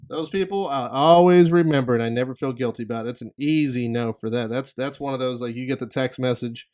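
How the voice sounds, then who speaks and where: A man in his thirties delivers a loose solo podcast rant at a middle-range pitch. He rambles and restarts, and he drops into little acted-out exchanges with the people he quotes. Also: fairly even intonation, fairly quick. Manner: rambling, candid, acts out quoted people in asides. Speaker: podcast host.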